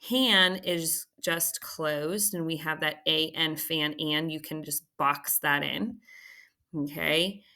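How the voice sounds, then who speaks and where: A woman teacher walking students through a recorded phonics lesson, patient and checking in often with a quick "okay?". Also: low-pitched, fairly even intonation, bright, forceful tone.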